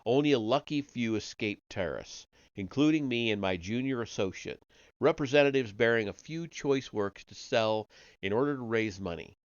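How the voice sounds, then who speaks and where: A man's voice: mid-range voice, lively intonation, normal speed, dry recording, highs cut off. A man reading a science-fiction story aloud on a live stream, in a casual first-person way with slips and restarts. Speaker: host reading stories aloud.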